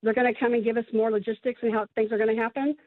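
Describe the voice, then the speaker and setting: A mother being interviewed by phone on the news, talking quickly with some fillers. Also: fairly high pitch, flat delivery. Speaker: mother of a released prisoner. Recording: tinny phone line.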